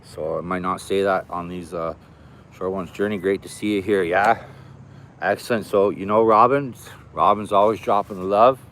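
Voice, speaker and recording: A man's voice: low voice, fairly even intonation, moderate pace, fairly bright tone, slight background noise. A man walking by a river, chatting casually to his livestream viewers, thanking them and reading out their comments. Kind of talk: casual live stream chat. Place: outdoors by a river.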